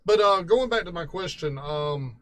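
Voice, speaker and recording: A man hosts a casual talk show about gaming and asks his guest questions. His voice sits a little high, and he tells his own stories in a relaxed way, chuckling as he goes. A faint noise sits behind him. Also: moderate pace. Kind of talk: casual interview.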